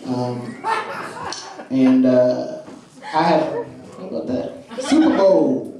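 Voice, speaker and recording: A man's voice: mid-range voice, big pitch swings, slow, distant mic, background noise. Man doing loose stand-up in an echoey club. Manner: loose, self-mocking storytelling with fillers. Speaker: stand-up comedian. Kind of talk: stand-up comedy. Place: live comedy club. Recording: roomy live club, mic from afar. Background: audience laughter.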